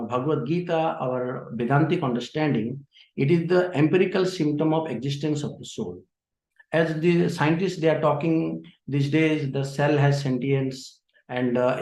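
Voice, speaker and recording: A man giving an introductory conference lecture, speaking haltingly and often pausing on "uh" and "you know". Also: mid-range voice, darkish tone, reverberant, rough recording. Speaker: conference presenter.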